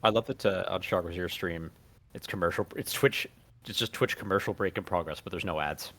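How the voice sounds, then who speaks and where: A man's voice: deep voice, a little fast, fairly bright tone, a little hiss or hum. A man co-hosting a game stream, chatting casually and joking with frequent laughs. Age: older than his co-hosts. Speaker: podcast co-host playing a game.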